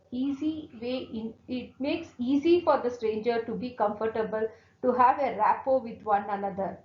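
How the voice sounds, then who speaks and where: A woman giving a recorded college lecture, explaining slowly and repeating herself with many fillers and restarts. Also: a little high. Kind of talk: recorded lecture over slides. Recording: dull lo-fi sound in an echoey room.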